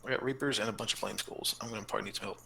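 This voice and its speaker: A man playing a co-op game with friends, quick and a bit defensive as he gets teased. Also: lowish voice, steady tone, vocal fry, pushed and bright, slight background noise. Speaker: co-op gaming partner. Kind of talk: casual chat while gaming.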